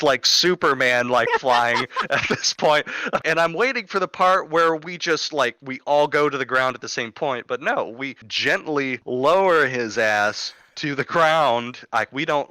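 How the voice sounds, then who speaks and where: A man who works in corrections telling a story in casual chat, profane and animated, acting out the quotes. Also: medium pitch, no echo. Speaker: corrections worker.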